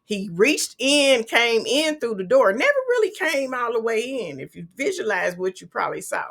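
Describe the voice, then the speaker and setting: A woman's voice: fairly high pitch, sing-song, moderate pace, a bit bright. A middle-aged woman co-hosting a podcast, telling a family story in an earnest, vivid way with frequent restarts. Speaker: podcast co-host. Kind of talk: casual conversation.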